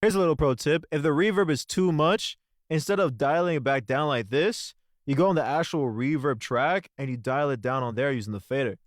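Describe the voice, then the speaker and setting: A young man with a fairly high voice explains his studio work in a slangy, excitable way. His voice is captured dry and close, with no room sound. The tone is a loose, casual tutorial. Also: a little fast, no echo. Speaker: music producer. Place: home studio.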